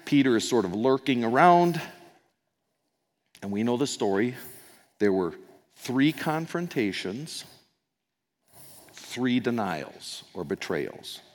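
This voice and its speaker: A man's voice: medium pitch, big pitch swings, slow, long pauses. A male pastor preaching a sermon, telling the story in a conversational way with asides and acting out the quoted lines. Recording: long hall reverb.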